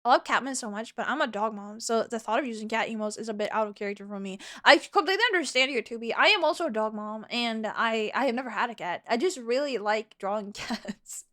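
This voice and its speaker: A woman's voice: a little high, fast talker, few pauses, pushed and bright. A woman live streamer chatting casually with her viewers and telling a rambling story, laughing often.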